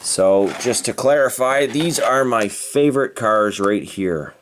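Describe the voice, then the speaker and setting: A man's voice: mid-range voice, expressive, unhurried, background noise. A man from Canada narrating an unboxing of die-cast toy cars with enthusiastic, playful exclamations. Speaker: toy car reviewer.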